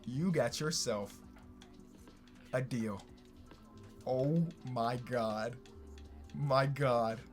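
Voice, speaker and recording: A young man and gaming YouTuber giving casual, excitable gameplay commentary that bursts into shouting when he gets thrilled. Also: fairly high pitch, unhurried, long pauses, faint music behind.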